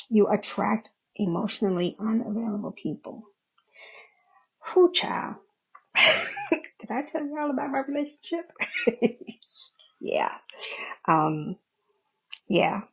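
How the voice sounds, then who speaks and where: Gravelly, husky woman host talking frankly. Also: lowish voice. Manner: frank, laughs often, swears casually. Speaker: podcast host. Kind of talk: candid personal talk. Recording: dull lo-fi recording.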